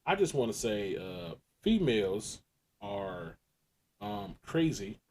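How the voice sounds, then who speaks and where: A man's voice: on the low side, big pitch swings, takes it slowly, a little mellow, slight background noise. A man co-hosting a podcast, telling crude, laid-back stories in casual chat and laughing often. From American Midwest. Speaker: podcast co-host.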